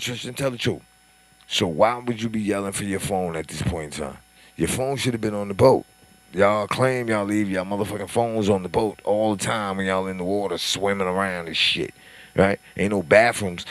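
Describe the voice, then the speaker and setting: A man giving a profane, animated commentary monologue that builds into indignant, mocking rants. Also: sits low, no room sound.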